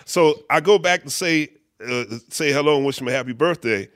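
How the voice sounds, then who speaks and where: A middle-aged man, a bass player, casually telling an anecdote in an interview, acting out quotes with many fillers. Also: brisk, a bit bright, no room sound, clean studio sound. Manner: laid-back storyteller who acts out quotes, many fillers. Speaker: guest musician, bass player.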